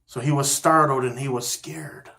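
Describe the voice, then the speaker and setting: A man telling a story in a gentle, unhurried, folksy way, as host of a storytelling series. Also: mid-range voice, fairly even intonation, creaky. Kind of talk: storytelling narration.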